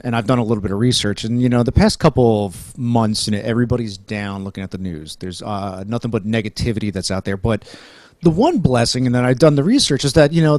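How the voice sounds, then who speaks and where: A man's voice: mid-range voice, a little mellow, no echo. A middle-aged man from New Jersey with a New Jersey accent, hosting a casual interview, rambling and joking with many restarts. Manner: rambling, restarts often, jokey. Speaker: podcast host.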